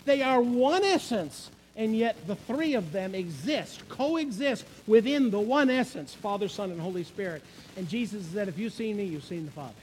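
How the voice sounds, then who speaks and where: A preacher with a very high-pitched voice teaches his congregation, repeating his main phrases emphatically and asking them questions. His intonation is lively and his pace normal, though the low-quality recording carries a little hiss or hum.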